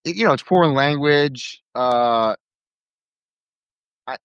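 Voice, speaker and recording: A man's voice: medium pitch, slow pace, a bit bright, clear, resonant tone, no room sound. A man in casual chat with friends, telling stories with energy and laughing at his own jokes.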